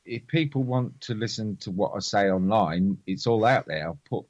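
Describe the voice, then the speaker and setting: Low-voiced man on dry audio. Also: animated, moderate pace, darkish tone, no echo, lo-fi sound. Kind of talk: casual chat.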